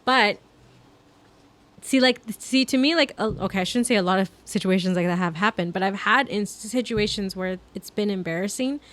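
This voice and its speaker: A woman's voice: mid-range voice, moderate pace. Chatty woman telling an embarrassing story. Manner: animated storyteller, acts out quoted dialogue, many "like" fillers. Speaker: podcast co-host. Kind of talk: casual storytelling chat.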